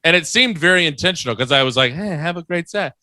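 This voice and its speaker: A man co-hosts a podcast with a bright, forward tone, riffing and teasing his co-host. His pitch rises and falls a lot, and the recording is dry and close. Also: expressive, fast, no room sound. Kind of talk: casual podcast banter.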